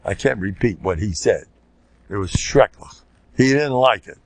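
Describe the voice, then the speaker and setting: An older man with an American Orthodox Jewish English accent, a rabbi telling stories in an informal Torah class and bursting into loud shouted quotes. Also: lowish voice, expressive, moderate pace, slight background noise. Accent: American Orthodox Jewish English with Yiddish words. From United States.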